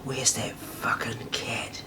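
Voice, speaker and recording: A man voicing a petite, fierce woman who whispers threats and coaxes in a high sing-song, recorded in a roomy space from a distance. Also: slow, dark tone, a little hiss or hum. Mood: menacing. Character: petite fierce woman, whispering menace then cooing sweetly.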